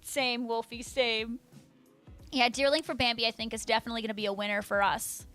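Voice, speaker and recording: A young woman with a high voice talks in a bubbly, chatty way on a live stream, answering her viewers as she goes. Faint music plays behind her. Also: flat delivery, fairly quick, a bit bright. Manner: bubbly, chatty, reads chat aloud. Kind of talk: casual live-stream chat.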